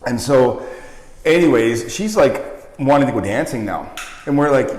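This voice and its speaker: At normal speed and with a darkish, medium-pitched tone, a man sits as a guest eating hot wings and spins a loose, laugh-filled story full of swearing. Long reverb from an echoey room surrounds him.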